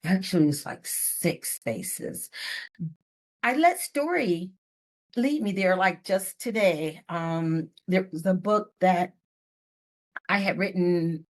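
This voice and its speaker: A middle-aged woman author telling stories in a podcast interview, expressive and playful with asides. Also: on the low side, takes it slowly. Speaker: guest author. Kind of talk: podcast interview, casual storytelling.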